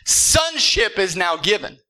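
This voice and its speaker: A pastor preaching a sermon to his church. He speaks emphatically, rising to shouts and then dropping low, and often repeats words as he starts a thought. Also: big pitch swings, slow, low-quality recording. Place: church service with congregation.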